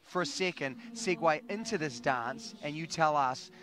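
An upbeat man hosting backstage on a dance show in a chatty, easygoing way. His voice sits a little higher than most men's. He keeps the talk moving and checks in with his guests. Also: moderate pace. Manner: upbeat, chatty, drives the conversation. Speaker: backstage host.

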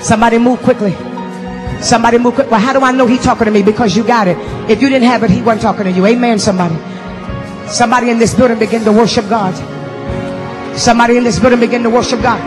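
A woman preaching a live sermon to a congregation in a church building, moving from low, steady talk to shouted, sing-song exhortation. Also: quick pace, long reverb tail, over music. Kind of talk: live sermon with donation appeals.

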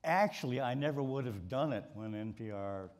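With an animated, medium-pitched voice at normal speed, an older man from Baltimore recounts stories during a stage conversation in front of a live audience. He's a sports writer there as a guest, speaking with a mid-Atlantic American accent and often repeating words.

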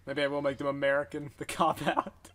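A man's voice: on the high side, little pitch movement, brisk, a bit bright. A young man hosting a let's play, casual and self-mocking, laughing often as he plays. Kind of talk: casual gameplay commentary.

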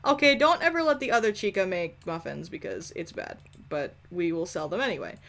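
A young woman giving casual, animated commentary over a life-simulation game, swearing often and scolding the characters. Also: fairly low pitch, brisk, vocal fry. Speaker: gameplay commentator.

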